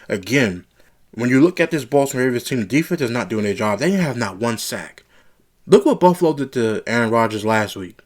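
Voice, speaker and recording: A man giving a casual, frustrated sports reaction, often repeating himself as he gets worked up. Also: medium pitch. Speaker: sports commentary vlogger.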